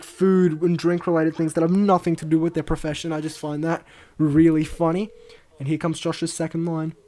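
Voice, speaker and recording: A young man giving a casual, rambling video commentary, self-deprecating and full of fillers, swinging between mumbling asides and excited bursts. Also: on the high side. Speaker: video creator.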